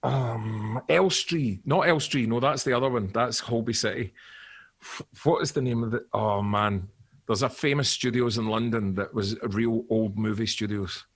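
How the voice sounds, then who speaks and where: A middle-aged Scottish man, an actor guest on a podcast, telling animated anecdotes with swearing and acted-out quotes. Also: mid-range voice, moderate pace, husky. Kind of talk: podcast storytelling.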